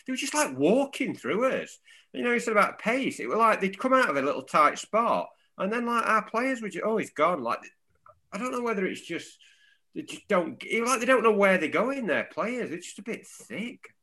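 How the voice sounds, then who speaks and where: A man's voice: high-pitched, big pitch swings, normal speed, bright, forceful tone. A man, co-hosting a football podcast and rambling through a match analysis in casual chat.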